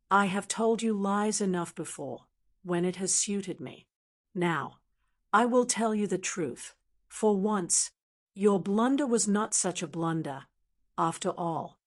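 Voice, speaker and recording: A text-to-speech woman's voice reading the lines of a proud, troubled young woman in a storybook, in an even, measured way. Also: medium pitch, close to an everyday voice. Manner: even, measured synthetic delivery.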